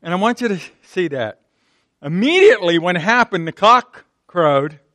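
A Pittsburgh-accented man preaches a sermon in a folksy, conversational way. His voice sits high and bright. The sound is close and dry. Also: expressive, moderate pace, dry recording. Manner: conversational, folksy, acts out quotes. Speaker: pastor.

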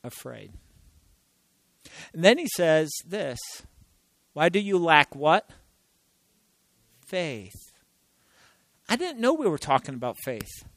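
A man preaching with a high, bright voice that jumps between shouted exclamations and hushed asides. He acts out the voices in his story and laughs along the way. The sound is dry and close. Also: slow pace, pauses often, no room sound, poor audio. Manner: animated, swings from loud exclaiming to hushed near-whispers. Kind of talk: sermon.

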